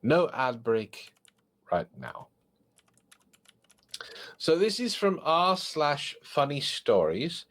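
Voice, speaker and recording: A man with a middle-range voice reads funny stories aloud on a casual podcast, taking his time. He jokes and breaks in with animated asides as he goes. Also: mid-range voice, extremely slow, pauses often. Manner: animated, joking, frequent restarts and asides. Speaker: podcast host.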